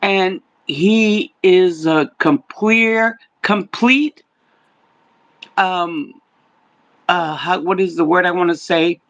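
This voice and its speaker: Slow, halting older woman medium. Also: fairly low pitch, dull audio. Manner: halting, stumbling restarts. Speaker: psychic medium. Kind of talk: psychic reading on a livestream.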